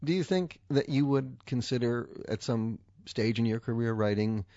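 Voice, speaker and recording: A man's voice: medium pitch, normal speed, warm tone, no room sound, dull audio. A man hosting a book podcast, asking questions with a wry, teasing manner. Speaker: podcast host. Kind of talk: interview hosting.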